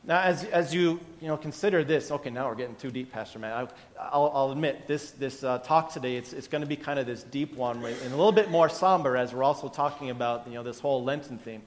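A man's voice: medium pitch, a little fast, in a large hall, a little hiss or hum. A male pastor giving a conversational sermon, often restarting his sentences and chuckling. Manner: conversational, self-interrupting, chuckling.

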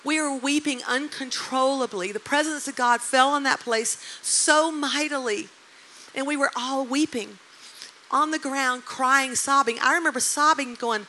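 A woman in her sixties delivers a sermon as an animated storyteller. Her voice is bright and slightly high. A faint hum of noise sits behind her. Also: a little slow, rough recording. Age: 60s. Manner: animated storyteller, emotional and emphatic. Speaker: preacher.

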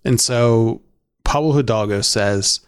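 A man's voice: medium pitch, takes it slowly, smooth, dry recording, studio quality. A man co-hosting a podcast, talking chattily with lots of "like" and "um" in a casual discussion. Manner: chatty, filler-heavy, laughs often. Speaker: podcast co-host.

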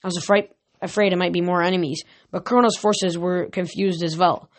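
Reading a novel for an amateur audiobook, this woman speaks fairly quickly in a lowish voice with fairly even intonation. Occasional slips lead her to start lines over.

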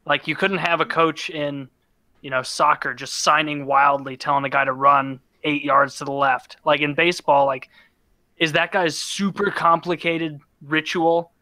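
A man's voice: fairly high pitch, little pitch movement, moderate pace, sharp tone, no echo. A man in casual chat, musing with quizzical rhetorical questions.

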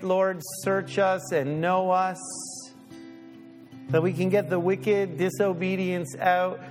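A man preaching a sermon as pastor, animated, slipping into little voices, then easing into a quiet prayer. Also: sits high. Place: church sanctuary. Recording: long church reverb.

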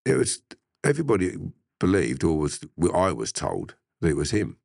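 A middle-aged man, telling a story in an interview, animated, often laughing and swearing. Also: sits low, normal speed, gravelly, slightly rough, no room sound, clean studio sound. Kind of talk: casual storytelling.

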